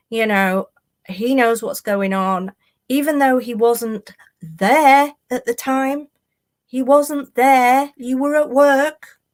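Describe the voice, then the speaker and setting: A woman with a fairly high voice hosts a casual true crime live stream. She reads messages aloud and answers them with sarcastic, exasperated comments.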